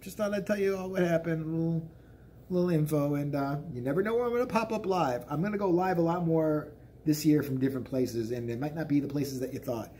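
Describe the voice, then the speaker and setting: A man's voice: fairly high pitch, fairly quick, mellow, slight background noise. A man in his forties telling a story as a vlogger, in a profane, exasperated, ranting way. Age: 40s.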